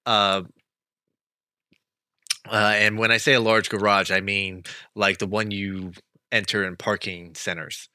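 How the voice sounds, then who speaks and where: A man acting as game master narrates a tabletop game, stumbling along with plenty of fillers. His lowish voice stays fairly flat in pitch, sounding pushed, bright, and smooth, with no echo.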